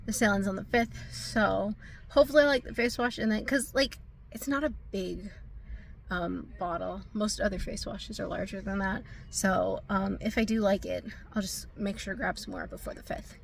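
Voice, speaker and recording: A woman's voice: medium pitch, gravelly, slight background noise. A woman hosting a casual vlog, chatting to viewers in a rambling, friendly way and calling them y'all and guys. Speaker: vlog host. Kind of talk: casual vlog chat to camera.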